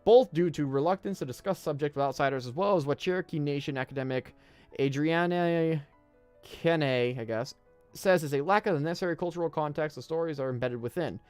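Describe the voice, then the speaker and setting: A man's voice: fairly high pitch, fairly quick, a little mellow, clean tone, no echo, faint music behind. A young man from the United States hosting a casual live-stream podcast, reading aloud, stumbling over words and joking in side remarks. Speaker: podcast host.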